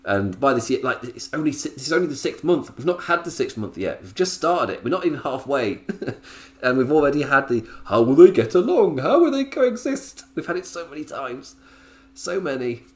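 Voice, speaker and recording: Animated, chatty man. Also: medium pitch, brisk. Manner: chatty, laughs often, drifts into tangents. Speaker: podcast host reviewing wrestling. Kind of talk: casual solo podcast review.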